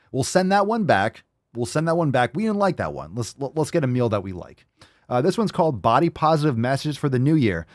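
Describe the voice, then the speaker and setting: A man hosting a podcast, tearing into video clips with sarcastic, swear-filled jabs. His pitch jumps around in lively swings. The sound is close and dry. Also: dry recording. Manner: sarcastic, mocking, swears a lot. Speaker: podcast host. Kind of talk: profane reaction commentary.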